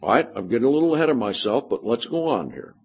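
Male pastor, husky voice, patient verse-by-verse Bible teacher, dull lo-fi sermon tape. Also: mid-range voice, big pitch swings, fast talker. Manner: explains scripture verse by verse, often checks in with "Okay?".

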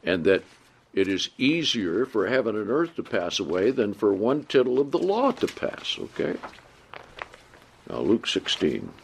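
A man teaching a sermon, reading scripture aloud and explaining it, often checking in with the listeners and rising in pitch to stress points. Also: huge pitch swings, unhurried, creaky, slight background noise. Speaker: preacher.

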